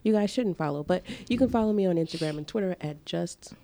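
A woman's voice: fairly low pitch, quick pace, background noise. A woman co-hosting a casual group chat show, playful and laid-back. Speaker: podcast co-host.

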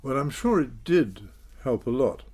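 An older man, telling his story in a measured, self-deprecating way in an interview. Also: mid-range voice, big pitch swings, darkish tone, slightly rough. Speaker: interview guest, former politician. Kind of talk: reflective storytelling.

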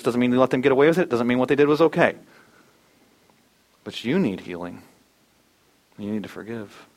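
A man in his thirties preaching to a church congregation. He is earnest, sinks to quiet, low lines, then lifts into loud, animated emphasis. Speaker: pastor. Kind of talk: sermon.

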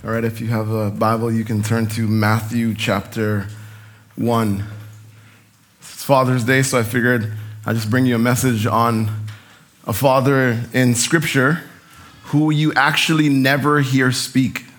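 A man's voice: mid-range voice, level tone, a little slow, a bit bright. A man preaching a sermon in a church, talking conversationally and leading the congregation in call-and-response. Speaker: pastor. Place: church sanctuary.

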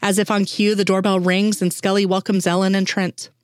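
A woman reading fan fiction aloud in a steady, unhurried way. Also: mid-range voice, dry recording, clean studio sound. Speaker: reader.

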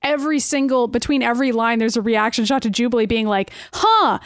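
High-voiced woman, dry and wry. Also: steady tone, quick pace, clear, resonant tone, no room sound. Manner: wry and sarcastic, laughs between points. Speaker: podcast co-host. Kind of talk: casual recap chat.

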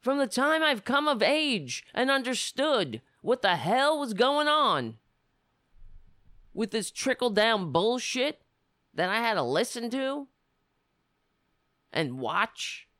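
A woman's voice: a little high, very animated, takes it slowly, pauses often, fairly bright tone, no echo, studio quality. A woman delivering a sardonic, rambling comic monologue from the United States. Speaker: comedian. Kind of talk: stand-up style comic monologue.

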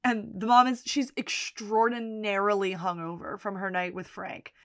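A woman's voice: mid-range voice, moderate pace, dry recording. Chatty woman recapping scenes, dry mic. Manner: retells scenes, quoting characters in lively voices. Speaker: podcast co-host. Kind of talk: casual recap chat.

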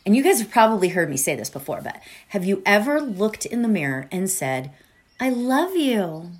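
A woman's voice: medium pitch, sing-song, brisk. A middle-aged woman hosting a podcast, talking casually with lots of fillers and asides before leading a meditation. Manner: chatty, warm-hearted, many fillers and asides. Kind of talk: casual spoken podcast talk.

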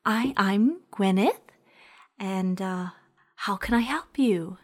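A woman doing a soft, halting shopkeeper. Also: medium pitch. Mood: welcoming. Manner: soft, halting speech full of fillers. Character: friendly female shopkeeper, eager and a bit scattered.

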